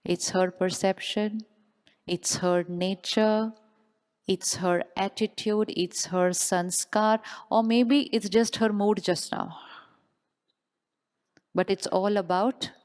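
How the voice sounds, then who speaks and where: A woman's voice: mid-range voice, steady tone, slow pace, darkish tone, smooth. A woman giving a motivational spiritual talk to a live audience, often asking questions and repeating them. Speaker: spiritual speaker. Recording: long hall reverb.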